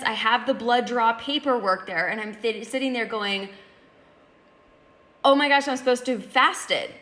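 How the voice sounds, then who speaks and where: A woman in her thirties telling a personal story in casual, expressive speech that swings between loud and hushed. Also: mid-range voice. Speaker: podcast host and mother.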